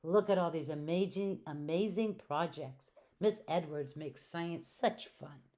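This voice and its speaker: A woman reading aloud and voicing a cheerful, literal-minded female housekeeper in a storybook, with a brighter, eager, earnest delivery. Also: low voice, a little slow.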